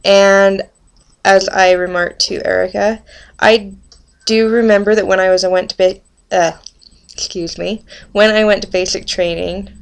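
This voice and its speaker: A woman's voice: mid-range voice, fairly even intonation, unhurried, gravelly, smooth. A woman in her twenties from Utah with a rural Utah accent, talking casually to the camera for a dialect tag video, chatty and full of ums and self-corrections. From Utah, USA. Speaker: vlogger.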